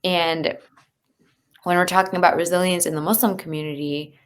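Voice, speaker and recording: A woman's voice: on the low side, fairly even intonation, moderate pace. A woman, a leadership coach, talking candidly and earnestly as an interview guest, with many fillers. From United States. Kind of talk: conversational interview.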